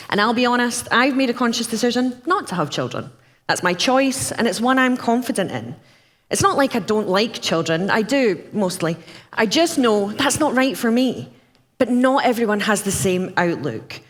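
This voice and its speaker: Scottish woman speaking in a hall. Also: fairly high pitch. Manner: candid, personal, measured. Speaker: conference speaker. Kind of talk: prepared conference talk. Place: conference hall. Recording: reverberant hall.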